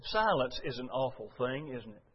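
A man's voice: medium pitch, big pitch swings, moderate pace, husky. A man preaching a sermon to a congregation, folksy and conversational, full of rhetorical questions. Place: church before a congregation. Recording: dull lo-fi recording.

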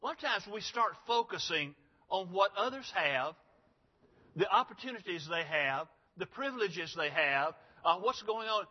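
A man's voice: high-pitched, animated, normal speed, breathy edge. A man preaching a sermon to young people, earnest, asking rhetorical questions, with frequent "uh" fillers. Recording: dull lo-fi sound.

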